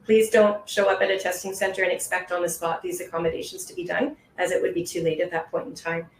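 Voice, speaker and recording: A woman's voice: on the low side, fairly even intonation, fast, a little hiss or hum. A woman test-prep instructor answering questions on a webinar in a patient, reassuring, explanatory way, over a video call. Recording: roomy echo.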